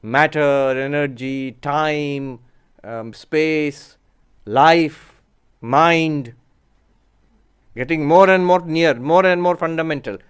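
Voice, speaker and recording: A man, a spiritual teacher giving a reflective, unhurried lecture and answering audience questions. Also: on the high side, steady tone, smooth. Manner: unhurried, reflective, lists terms slowly.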